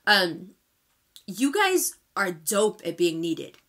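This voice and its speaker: A New York woman rattles off a casual astrology forecast at speed, chatty and emphatic. Her voice is bright and sharp. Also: mid-range voice, sing-song, takes it slowly.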